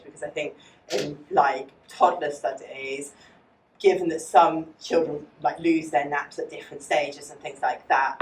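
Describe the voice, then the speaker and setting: A woman lecturer, giving a fast, chatty academic talk with many fillers and taking audience questions. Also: low voice, a little hiss or hum. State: out of breath. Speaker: psychology lecturer. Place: lecture hall. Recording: echoey room, distant mic.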